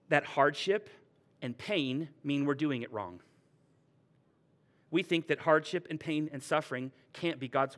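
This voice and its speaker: A male pastor giving a conversational, lively sermon with playful retellings. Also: on the high side.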